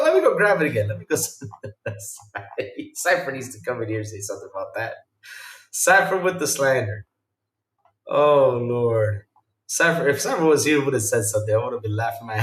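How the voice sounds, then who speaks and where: A man's voice: lowish voice, expressive, normal speed, roomy sound. A man hosting a gaming podcast, chatting casually and reacting to live chat, laughing often and repeating himself.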